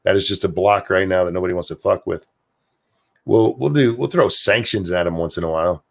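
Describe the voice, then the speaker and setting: Low-voiced man rambling on a livestream. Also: brisk, vocal fry. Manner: rambling, profane, offhand. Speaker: livestream host. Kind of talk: casual livestream chat, reading viewer comments.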